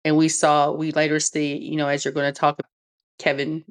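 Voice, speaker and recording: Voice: mid-range voice, completely flat delivery, moderate pace. A podcast co-host in casual chat who rambles and restarts thoughts on the way to a point.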